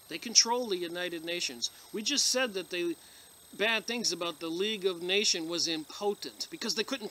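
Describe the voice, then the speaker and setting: Guy, high bright voice, reads a book out loud and comments, emphatic, faint crickets in the back. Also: a little hiss or hum. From United States. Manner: emphatic, gets emotional. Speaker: video blogger reviewing books. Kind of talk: reading aloud and commenting.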